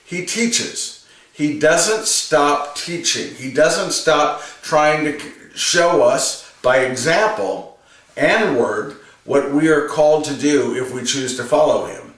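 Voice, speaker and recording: A man delivers an earnest homily with a slightly high voice, leaning on repeated phrases to drive his points home. The sound is very echoey, as though he stands some way from the mic in a reverberant room. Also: animated, takes it slowly, a bit bright, recorded from a distance. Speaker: religious reflection presenter.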